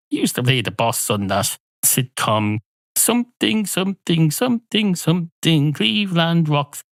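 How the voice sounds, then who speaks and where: Irish male podcast host, mid-pitched and sarcastic, comic rant, dry close mic. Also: no echo. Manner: sardonic, grumbling.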